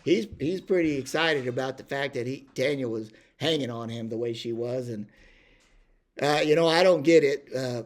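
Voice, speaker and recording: A man's voice: medium pitch, normal speed. An older man telling a rambling ranch story, full of fillers and restarts. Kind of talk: casual spoken storytelling.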